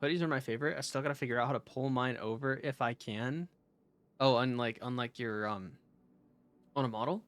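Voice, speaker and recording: A man's voice: medium pitch, a little fast, fairly bright tone, dry recording. Rambling young male streamer, dry sound. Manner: casual, rambling, frequent fillers and restarts. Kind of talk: live game stream commentary.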